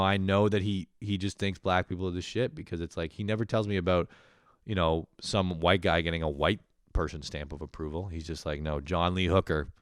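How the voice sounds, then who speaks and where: Comedy podcast host, male, deep-voiced, casual rambling monologue full of swearing. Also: clear, resonant tone, no echo, clean studio sound. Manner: rambling, profane, laughing at his own stories.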